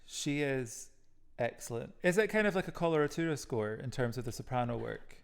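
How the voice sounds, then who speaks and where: A man's voice: medium pitch, animated, fairly quick, vocal fry, clear, resonant tone. A man co-hosting a podcast, talking in a playful, encouraging way and joking around. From Scotland. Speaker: podcast co-host. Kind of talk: casual podcast chat.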